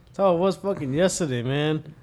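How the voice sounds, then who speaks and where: Young dude, kinda high voice, laid-back, swearing while telling a story. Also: male voice, fairly quick, a little mellow. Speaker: podcast co-host. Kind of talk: casual chat among friends.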